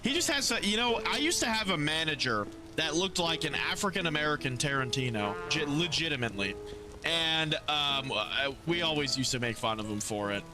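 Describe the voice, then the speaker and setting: Animated young man chatting on stream. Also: on the high side, fairly quick. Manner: animated, reads out and answers chat, trails off and restarts. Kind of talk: casual live-stream chat with viewers. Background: music.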